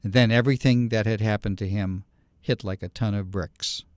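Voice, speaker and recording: A man giving measured, scripted documentary narration. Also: fairly low pitch, steady tone, dry recording, clean studio sound.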